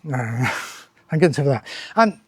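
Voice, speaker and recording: A man's voice: mid-range voice, expressive, takes it slowly, slightly rough, no room sound. An older man, a former lecturer, giving a conference talk with wry, dry humour, rhetorical questions and frequent restarts of his phrases. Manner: stop-start, restarts phrases often. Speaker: speaker at a tech meetup, former lecturer.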